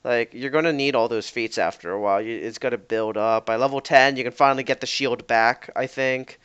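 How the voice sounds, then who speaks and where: A man's voice: mid-range voice, fairly even intonation, brisk, a bit bright, clear, resonant tone. A man co-hosting a casual podcast, rambling and correcting himself as he acts out what players say. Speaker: podcast co-host. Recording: dull lo-fi podcast mic.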